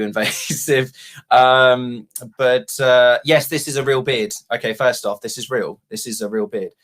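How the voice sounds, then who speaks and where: A man's voice: medium pitch, a bit bright. Rambling, self-deprecating man. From England. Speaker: guest, guild founder. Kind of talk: casual livestream chat.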